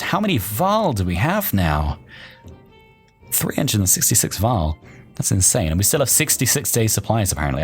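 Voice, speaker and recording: Deep-voiced man chatting through a game. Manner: chatty, amused, thinking aloud. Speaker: let's play host. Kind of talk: let's play commentary and reading game text aloud. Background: faint game soundtrack.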